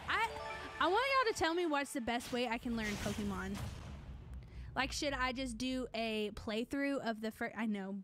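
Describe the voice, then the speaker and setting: A young woman streaming a game, chatting casually and greeting viewers by name. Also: high voice. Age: young adult. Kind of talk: casual live-stream chat while gaming.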